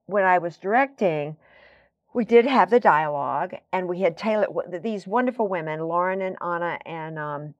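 Low-voiced woman telling rambling anecdotes. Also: normal speed, no echo, lo-fi sound. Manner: rambling, warm tangents with many fillers. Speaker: guest. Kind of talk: conversational storytelling.

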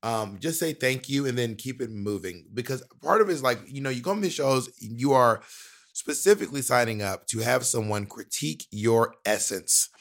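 A man's voice: mid-range voice, normal speed, gravelly. A man co-hosting a podcast as a drag performer, talking frankly and matter-of-factly in casual chat. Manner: frank, matter-of-fact advice giver.

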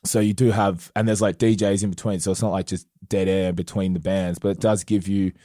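A young Australian man talks in a studio interview with a low voice, and the sound is close and dry. He rambles easily between thoughts. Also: fairly quick, dry recording. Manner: relaxed and rambling, with fillers and laughs. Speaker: guest musician. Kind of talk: casual interview chat.

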